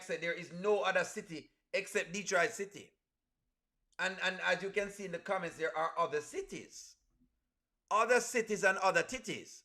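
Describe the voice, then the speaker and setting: Guy on a live stream reading out his chat, high bright voice, calls everyone friends. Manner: reads viewer comments aloud, shouting out cities; chatty, addresses viewers as friends.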